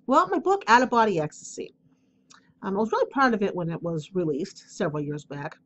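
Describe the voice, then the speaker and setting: A woman's voice: mid-range voice, lively intonation, fairly quick, muffled recording. Candid woman podcaster with a cough drop. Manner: candid, confessional, rambling with fillers. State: talking around a cough drop. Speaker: podcast host. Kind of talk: casual solo podcast talk.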